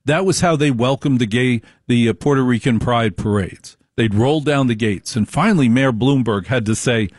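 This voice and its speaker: A man speaks in an opinionated monologue at an ordinary pitch for a man. He tells stories emphatically and repeats lines for stress. The recording is dry and close. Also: moderate pace, hardly any pauses, dry recording.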